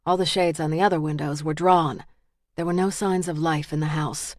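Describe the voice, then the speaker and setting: A woman reading a dark thriller audiobook in a measured, steady way. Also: deep voice, no echo. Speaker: audiobook narrator. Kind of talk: scripted thriller narration.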